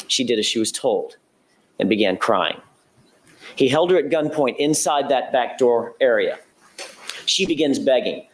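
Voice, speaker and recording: A man giving a courtroom opening statement as a prosecutor, laying out events in a measured, methodical way with an occasional self-correction. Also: mid-range voice, animated.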